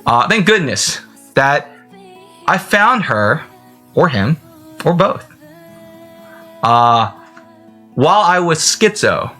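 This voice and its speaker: A man's voice: a little high, very animated, slow, long pauses, pushed and bright, faint music behind. A man whose first language is not English, rambling to camera in a vlog, giggling and laughing often between thoughts. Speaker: vlogger. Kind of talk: rambling self-talk to camera.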